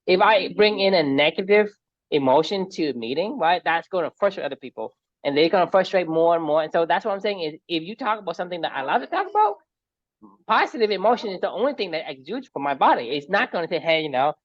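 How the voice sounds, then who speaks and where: A woman's voice: on the low side, lively intonation, fast, dry recording. A woman co-hosting a podcast in casual chat, earnestly driving home her points. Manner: earnest, repeats points with "right?". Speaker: podcast co-host. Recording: dull dry lo-fi recording.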